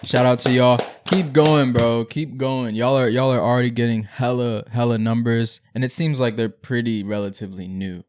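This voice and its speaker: A man's voice: mid-range voice, steady tone, normal speed, few pauses, a little mellow. A man co-hosting a podcast in casual chat, laid-back and slangy, laughing easily as he talks. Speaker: podcast co-host.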